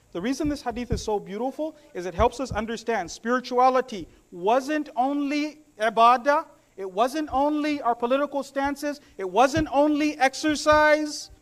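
A man's voice: very high voice, fairly bright tone. A man preaching a sermon to his congregation, mixing humorous stories with recited Arabic verses.

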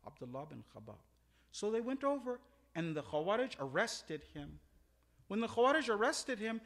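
Animated male preacher, bright lively voice. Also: on the high side, moderate pace. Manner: animated, swings from loud emphatic peaks to quiet asides; uses Arabic religious terms. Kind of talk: sermon with storytelling.

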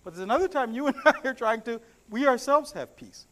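A man's voice: very high voice, expressive, brisk, a bit bright. A man preaching a sermon to his congregation, mixing humorous stories with recited Arabic verses.

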